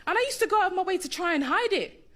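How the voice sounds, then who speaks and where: A woman's voice: very high-pitched, animated, rapid-fire, a bit bright. A woman doing bawdy, conversational stand-up storytelling. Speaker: stand-up comedian. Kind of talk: stand-up comedy.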